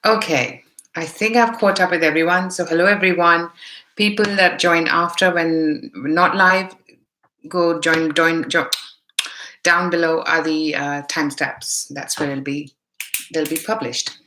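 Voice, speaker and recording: Deep, steady and unhurried, this woman's voice sounds pushed and bright, with slight background noise. She has a mixed Indian accent and runs a chatty live tarot stream, welcoming viewers by name and musing aloud as she reads.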